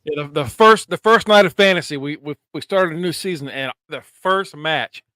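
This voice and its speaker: A man's voice: fairly high pitch, moderate pace, pushed and bright, dry recording. A man co-hosting a casual wrestling podcast, laughing often and swearing as he recaps and acts out scenes. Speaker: podcast co-host.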